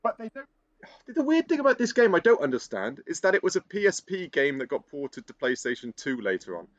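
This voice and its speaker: A man's voice: a little high, very animated, brisk, no echo. A man chatting casually as a podcast co-host, trailing off and restarting his thoughts. The recording is dull and lo-fi, with a dry, close sound and no room around it. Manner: hesitant, many restarts and laughs. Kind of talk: casual chat.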